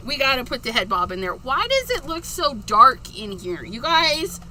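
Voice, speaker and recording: Bright, high-voiced giggly woman host. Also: big pitch swings, moderate pace, slight background noise. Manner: giggly, chatty, reads viewer comments aloud. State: tired. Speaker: livestream host. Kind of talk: casual livestream chat.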